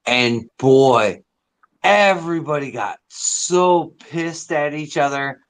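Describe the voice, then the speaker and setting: A man's voice: on the high side, expressive, slow, smooth, rough recording. A man in a casual chat, reminiscing and laughing, peppering his talk with "dude" and "man". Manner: nostalgic, says "dude" and "man" a lot, laughs often.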